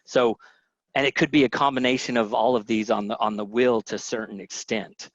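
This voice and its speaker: A man's voice: medium pitch, fairly even intonation, fairly quick, no room sound. Chatty man presenting over dull webinar audio. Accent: Southern American. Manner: chatty, self-interrupting storyteller who acts out quotes. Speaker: webinar presenter on family health. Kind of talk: casual teaching talk.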